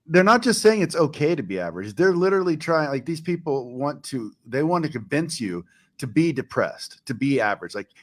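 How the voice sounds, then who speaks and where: A man's voice: on the high side, sing-song, brisk. A man, the show's host, talking casually and emphatically, with some rambling. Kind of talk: casual chat.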